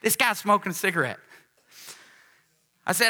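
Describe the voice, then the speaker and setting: A pastor delivering a folksy sermon, rising to emphatic calls to the congregation. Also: male voice, sits high, big pitch swings, a little slow, sharp tone.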